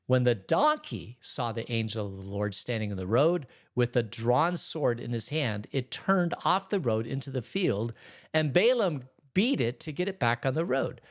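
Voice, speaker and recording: A man's voice: mid-range voice, normal speed. Pastor guy talking through a bible story, laid back, laughs a lot, normal mid voice. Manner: relaxed, chuckles often, retells scripture in plain words. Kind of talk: conversational Bible teaching. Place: church.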